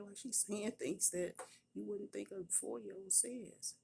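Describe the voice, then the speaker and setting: A woman, a prophetess, telling a personal testimony in a hushed, partly whispered voice while at her workplace. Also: medium pitch, measured pace, vocal fry, a little hiss or hum.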